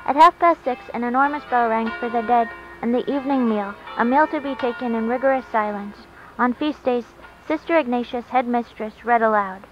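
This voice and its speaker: A woman reading a short story aloud in a calm, even storytelling way, recorded on a dull lo-fi track with faint hiss. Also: a little high, normal speed, few pauses, soft background music. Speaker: narrator.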